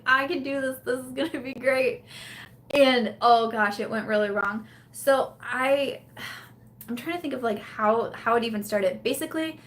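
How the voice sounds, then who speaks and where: A young woman hosting a live chat, telling a kitchen story in a casual, animated way with lots of fillers and laughter. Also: mid-range voice. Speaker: livestream host.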